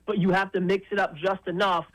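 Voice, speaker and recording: High-voiced male football analyst. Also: little pitch movement, a bit bright, rough recording. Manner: quick, confident football analysis. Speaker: sports analyst guest. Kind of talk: sports talk radio interview.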